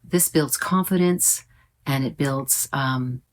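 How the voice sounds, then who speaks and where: A woman teaching a pronunciation lesson online, explaining sounds clearly and slowly demonstrating words. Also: rumbling low.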